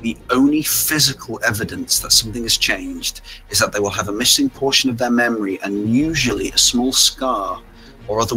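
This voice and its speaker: A man's voice: fairly low pitch, bright, forceful tone, rough recording. A man acting as game master, explaining setting lore at length with fillers and restarts. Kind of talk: narrating a tabletop game.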